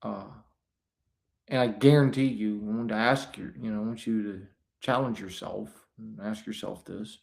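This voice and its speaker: A man's voice: lowish voice, creaky. A man hosting a live stream, talking in a rambling, preachy way with many fillers and restarts. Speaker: host. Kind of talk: casual live-stream talk.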